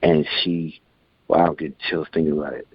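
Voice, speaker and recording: Man, 40s, interview guest; deep voice, animated raconteur, dull lo-fi recording. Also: normal speed, husky, no echo. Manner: animated, acts out quotes in voices. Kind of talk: casual storytelling. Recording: dull lo-fi sound.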